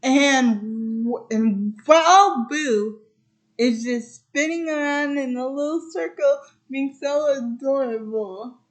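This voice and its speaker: A woman's voice: sits high, slow. A woman casually retelling a movie plot, rambling and stringing events together with repeated "and then". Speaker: host.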